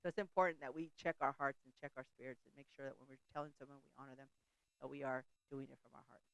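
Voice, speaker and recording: Gravelly-voiced woman preaching casually. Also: rumbling low, steady tone, fast talker, dry recording, low-quality recording. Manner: chatty, laughs often, breaks off and restarts mid-thought. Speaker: host of a faith talk show.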